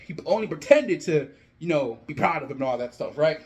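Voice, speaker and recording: A young man with a slightly high voice talks through an imagined storyline in a relaxed, chatty way. He gets animated, slipping into quick spoken bits for each character as he narrates. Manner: animated, acts out characters' lines in quotes. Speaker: wrestling fan video host. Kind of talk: casual fantasy-booking storytelling.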